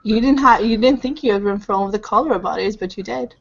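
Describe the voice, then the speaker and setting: A woman's voice: mid-range voice, fast, gravelly. A woman narrating a tabletop game as game master, describing scenes vividly and mimicking sounds. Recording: dull lo-fi recording.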